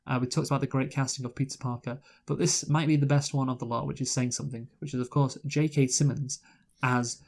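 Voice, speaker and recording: A man's voice: medium pitch, level tone, fast talker. A man co-hosting a casual movie review chat, rambling with lots of fillers and restarts. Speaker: podcast co-host, movie reviewer.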